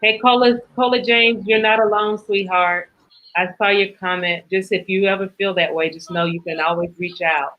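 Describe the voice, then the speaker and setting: Gentle woman on dull distant audio. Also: mid-range voice, fairly even intonation, moderate pace.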